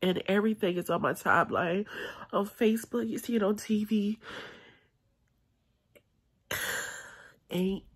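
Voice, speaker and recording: Tearful, husky-voiced woman vlogging. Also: mid-range voice. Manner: halting, tearful, with sighs and long pauses. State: crying. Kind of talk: emotional late-night vlog. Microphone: phone held in hand.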